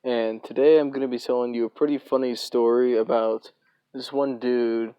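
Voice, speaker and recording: A man's voice: mid-range voice, fairly even intonation, normal speed, smooth, no room sound. A young man casually telling a rambling, profanity-laced story as a story time vlogger. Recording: dry, dull lo-fi recording.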